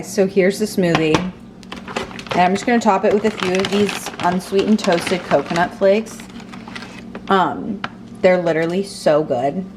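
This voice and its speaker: Chatty young woman rambling in a kitchen. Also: lowish voice. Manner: chatty, rambling, filler-heavy. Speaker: vlogger. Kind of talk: casual kitchen vlog chat. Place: home kitchen. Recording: noisy home recording.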